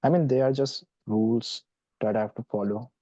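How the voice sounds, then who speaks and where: A man's voice: medium pitch, normal speed, dark tone, dry recording, muffled recording. A male student, answering his teacher politely and briefly in an online lesson.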